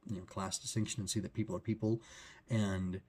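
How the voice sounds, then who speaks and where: A man's voice: lowish voice, level tone, brisk, a little mellow, a little hiss or hum. A man talking through a book chapter in a loose, rambling way, with many fillers and restarts. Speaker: book reviewer. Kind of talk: casual book discussion.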